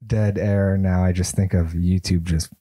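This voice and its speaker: A man's voice: sits low, level tone, unhurried, mellow, slightly rough. A man on a podcast chiming in with short prompts and remarks to the host. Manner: brief prompting interjections. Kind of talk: casual podcast chat.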